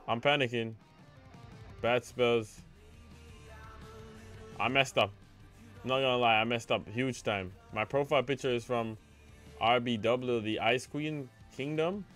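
A young man streaming a live game, chatting with his viewers and crying out in dismay when plays go wrong. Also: mid-range voice. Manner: excitable, talks to chat, cries out when things go wrong. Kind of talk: live gameplay commentary.

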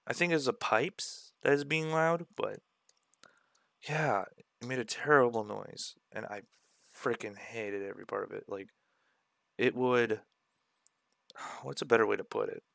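A man's voice: medium pitch, a little slow, vocal fry, long pauses, a bit bright, dry recording, clean studio sound. A man streaming, chatting casually and joking with swearing as he reacts to his own old videos.

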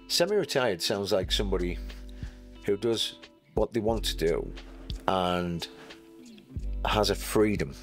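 A man's voice: lowish voice, fairly bright tone. A middle-aged man, telling stories in a chatty, self-mocking way as an interview guest. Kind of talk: casual storytelling.

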